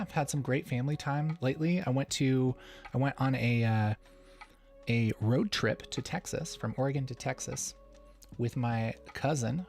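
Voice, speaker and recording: A man's voice: medium pitch, darkish tone. A man hosting a casual livestream Q&A, playful and chuckling often as he reads the chat. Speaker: livestream host.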